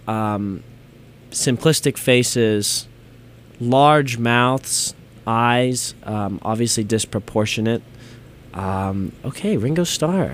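A man co-hosting a podcast in casual chat, laid-back and giggly, often pausing on "um". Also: medium pitch. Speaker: podcast co-host.

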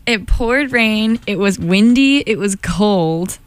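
A woman's voice: mid-range voice, lively intonation, slow pace, clean tone. Chatty young woman radio host. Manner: chatty, laughs often. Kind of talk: casual radio chat.

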